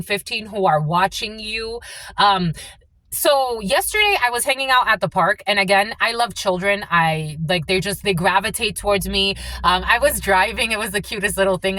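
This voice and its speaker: A woman's voice: mid-range voice, fairly bright tone, no room sound. Rambling woman giving a psychic reading. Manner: rambling, frequent "like" and "uh" fillers. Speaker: spiritual channeler.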